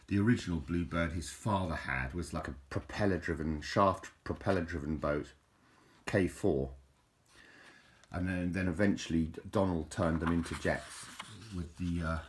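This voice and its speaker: An Englishman, chatting casually over photos in a rambling, hesitant way with frequent restarts. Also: deep voice. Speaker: video host.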